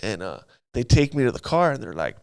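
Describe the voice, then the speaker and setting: A man's voice: medium pitch, very animated, fairly quick, vocal fry, darkish tone, dry recording, clean studio sound. A man telling his life story in a casual interview, using street slang and acting out sounds.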